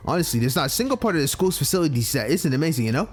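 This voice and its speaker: A man's voice: on the high side, big pitch swings, racing, husky, soft background music. A man reading a visual novel aloud and reacting casually, with frequent swearing. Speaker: let's play gamer.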